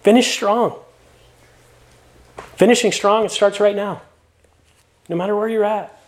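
Male pastor, middle-aged, high pitch; sermon with warm stories and strong calls to finish well. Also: fairly even intonation, a little slow. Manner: storytelling with playful asides; earnest, encouraging exhortation.

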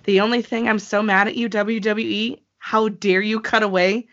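A bright, excitable woman chatting as co-host, quick to laugh and to throw in animated asides. The recording sounds a little dull and lo-fi, her voice crisp and forward at the top. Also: medium pitch. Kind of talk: casual wrestling chat.

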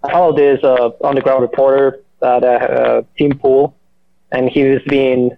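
A man in casual chat, halting and full of fillers and restarts. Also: mid-range voice, level tone, gravelly. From Mexico. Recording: muffled lo-fi audio.

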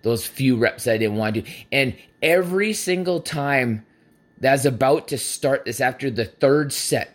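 A man's voice: medium pitch, unhurried. A man hosting a podcast and telling a workout story in a casual monologue, blunt and full of swearing, acting out what he and others said. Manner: blunt and profane, heavy cursing; acts out his own quoted lines. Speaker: podcast host.

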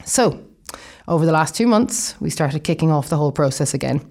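A young Irish woman with a notably low voice talks through her plans in an easygoing, rambling way. She keeps drifting into friendly asides as she explains. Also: lively intonation, fairly quick, gravelly, a little mellow. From Ireland. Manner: chatty and rambling, with frequent asides. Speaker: vlogger. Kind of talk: casual explanatory vlog.

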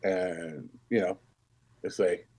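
A man's voice: low voice, fairly even intonation, slow pace, mellow. Blunt, swearing man in casual talk. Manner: blunt, swears, drops into quoted voices. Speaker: paramedic. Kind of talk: casual chat.

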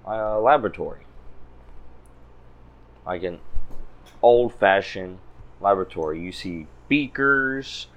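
A male game master narrating a tabletop game. His voice sits low and his delivery is easygoing and relaxed.

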